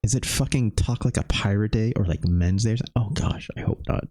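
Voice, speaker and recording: A man in his thirties streaming a retro game, chatting with viewers in a loose, animated way and swearing casually. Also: fairly low pitch, quick pace. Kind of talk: live game stream chat.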